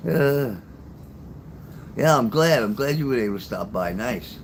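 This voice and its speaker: A man's voice: mid-range voice, a little slow, slight background noise, poor audio. An older man telling stories and chatting casually with viewers on a livestream, blunt and profane. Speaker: livestream host.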